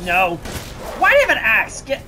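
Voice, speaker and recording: A let's play host giving casual gameplay commentary, reacting loudly, swearing and talking back to enemies. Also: mid-range voice, wildly swooping pitch, normal speed, a little hiss or hum.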